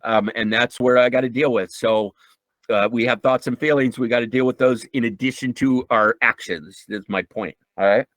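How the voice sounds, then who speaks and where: A man's voice: medium pitch, normal speed, a bit bright, no echo, poor audio. A man giving an informal, earnest talk on emotional intelligence, repeating points for emphasis and often restarting sentences with ums. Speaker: mental health speaker.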